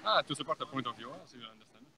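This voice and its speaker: A man with a French accent and a bright, crisp tone answers questions outdoors on a campus plaza. He speaks haltingly, pausing with fillers as he searches for English words. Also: mid-range voice, animated, poor audio. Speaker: passerby being interviewed. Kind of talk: street debate interview.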